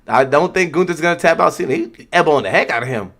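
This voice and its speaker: Male livestream host, raised pitch, slangy live reactions, talks back at the screen. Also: fast, vocal fry. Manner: slangy, loose and excitable.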